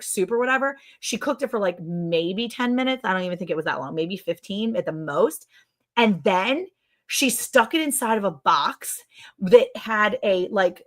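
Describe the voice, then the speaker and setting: A middle-aged woman hosting a casual livestream chat. She is chatty, quick to laugh, and fills her talk with "like". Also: medium pitch. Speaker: ranch channel host.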